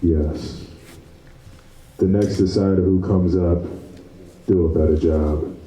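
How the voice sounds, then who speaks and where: A man talking slowly and deliberately with a teasing tone. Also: low-pitched, fairly even intonation, mellow. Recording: distant echoey dull off-mic sound.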